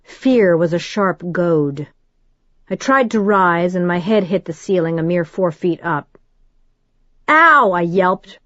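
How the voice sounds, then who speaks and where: A woman reading a first-person audiobook in a measured, steady storytelling manner. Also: lowish voice, dry recording, lo-fi sound. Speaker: audiobook narrator.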